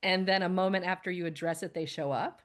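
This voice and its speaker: A woman's voice: lowish voice, steady tone, fast talker. A woman guest on a podcast, speaking in an upbeat, casual conversational way and laughing often. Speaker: guest, holistic practitioner.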